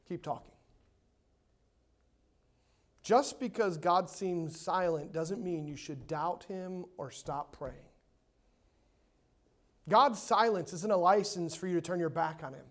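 A man preaching a sermon in a church, emphatic, swinging between loud and hushed and repeating words to stress his points. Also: fairly high pitch. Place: church sanctuary.

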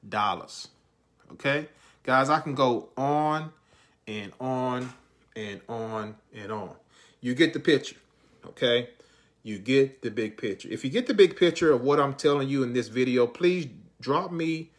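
Hyped man pitching online earnings. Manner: salesy, repetitive, keeps addressing viewers as guys. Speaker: online income promoter. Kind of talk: hyped screen-share walkthrough.

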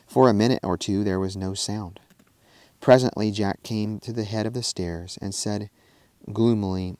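A man's voice: on the low side, moderate pace, a little mellow, dry recording. Man reading an old storybook aloud.

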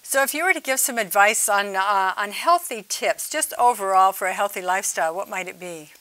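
A woman's voice: mid-range voice, animated, a little fast, a bit bright, no echo. A woman hosting a TV interview, asking attentive questions and murmuring assent often. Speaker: host. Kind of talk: TV interview talk.

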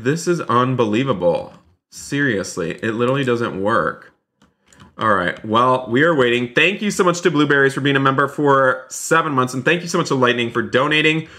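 A man streaming a role-play game live, excitable, talking to his chat and repeating himself. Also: mid-range voice. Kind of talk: live gameplay commentary.

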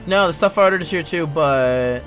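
A man's voice: on the high side, brisk, a bit bright, soft background music. A young man giving let's play commentary, sarcastic, exasperated and full of swearing. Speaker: gameplay commentator.

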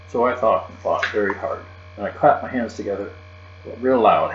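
Low-voiced man reading a children's book. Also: moderate pace. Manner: storytelling, childlike first-person. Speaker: audiobook reader. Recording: roomy, dull, with mains hum.

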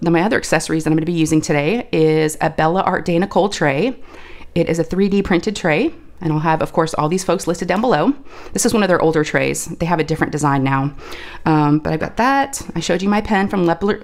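A woman talks through her craft project in a relaxed, chatty way. Her voice sits low, and right now it is roughened and scratchy from allergies. She drops in "y'all" as she talks to her viewers. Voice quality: folksy and chatty, says "y'all". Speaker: crafting video host. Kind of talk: casual chat while crafting.

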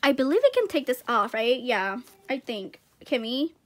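A woman's voice: a little high, very animated, moderate pace. A young woman gushing and giggling as she unboxes gifts in a casual vlog.

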